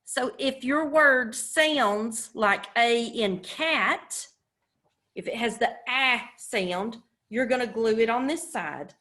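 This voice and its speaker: A woman teacher leads a phonics lesson for young children at a very slow, patient pace. Her voice is bright and clear, and she draws out each sound with careful enunciation. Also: fairly high pitch. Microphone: camera.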